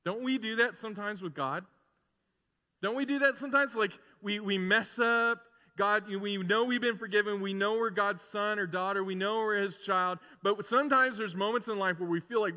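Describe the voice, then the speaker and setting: A pastor with a high voice preaches a sermon at a normal pace, and the recording carries a long reverb tail. His delivery is casual and conversational as he retells a story, animatedly acting out the characters and slipping in asides.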